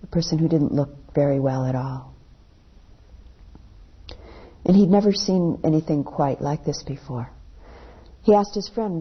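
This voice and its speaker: A woman meditation teacher with a low, slightly rough voice tells a story during a dharma talk, taking her time and letting her voice fall softly at the ends of phrases. The recording is dull and lo-fi.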